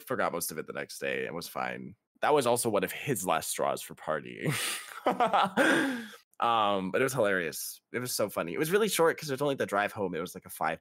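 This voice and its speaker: A young man casually telling a funny story, laughing often and leaping into high voices to quote people. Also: no echo, clean studio sound. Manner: laughing, animated, jumps to high voices quoting others. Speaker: podcast guest.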